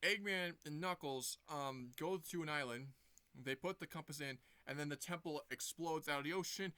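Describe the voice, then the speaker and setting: A man casually recapping a movie for his vlog, wandering through the story with fillers and false starts. His voice is bright and smooth and sits a little high. The sound is dry and close. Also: moderate pace, no echo. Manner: rambling, full of fillers and restarts. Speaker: movie reviewer.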